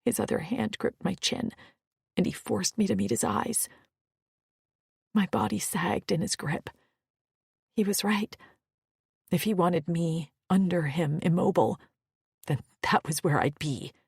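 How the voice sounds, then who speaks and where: A woman's voice: fairly low pitch, unhurried, gravelly, pauses often, breathy edge, dry recording, clean studio sound. A woman narrating a first-person romance audiobook with an emotional, often whispered delivery.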